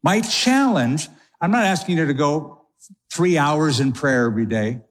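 A male pastor preaching a sermon in a conversational way, with quick asides and slowed emphasis. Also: a little high, animated.

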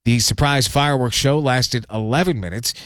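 Steady radio news host. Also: male voice, mid-range voice, no room sound, studio quality. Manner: steady, measured news delivery. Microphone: studio mic.

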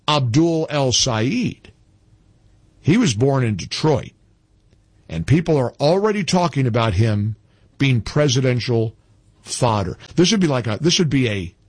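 A man's voice: medium pitch, slightly rough, no room sound. A man hosting a talk radio show, talking in an emphatic, indignant way and often repeating himself.

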